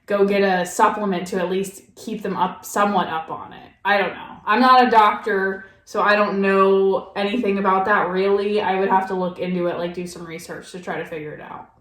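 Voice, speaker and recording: A woman's voice: mid-range voice, steady tone, fairly quick, a bit bright, reverberant, far from the mic. A woman hosting a reaction video, chatting casually with lots of "like" and thinking aloud.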